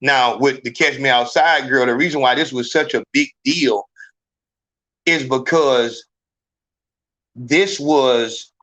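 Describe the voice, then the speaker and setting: A man hosting a live podcast, ranting in a profane, emphatic, animated way. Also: medium pitch, takes it slowly, pauses often. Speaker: podcast host. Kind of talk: heated live podcast rant.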